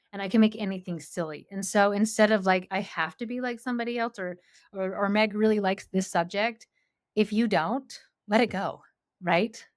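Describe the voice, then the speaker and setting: A woman in her forties, a homeschool coach as a guest, talking in a chatty, animated way with lots of fillers. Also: medium pitch, no room sound, clean studio sound. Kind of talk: casual interview chat.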